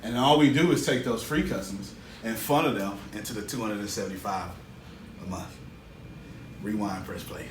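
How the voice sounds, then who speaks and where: A man's voice: fairly low pitch, normal speed. Echoey seminar talk from a male coach. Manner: energetic, colloquial, call-and-response with audience. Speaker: business coach. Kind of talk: live seminar teaching. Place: seminar room with live audience. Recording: echoey room, mic far off, faint hiss.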